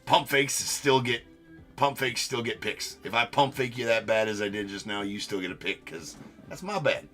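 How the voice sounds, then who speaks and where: With soft music behind him, a young streamer runs a live card break at a normal speed, keeping the chat loose and self-deprecating and letting the odd swear word slip. When excitement hits, his pitch leaps upward.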